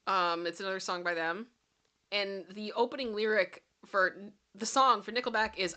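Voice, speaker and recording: A woman's voice: medium pitch, steady tone, normal speed, sharp tone. A woman hosting a casual pop culture chat stream, reading viewer comments aloud, laughing often and singing bits of songs. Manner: giggly, breaks into frequent laughter and sung snippets.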